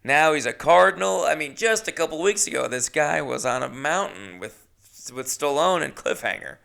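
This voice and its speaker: Gravelly-voiced man rambling on a podcast. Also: a little high, lively intonation, moderate pace, a bit bright. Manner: rambling, self-mocking, chatty asides. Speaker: podcast host. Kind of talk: casual solo podcast rambling.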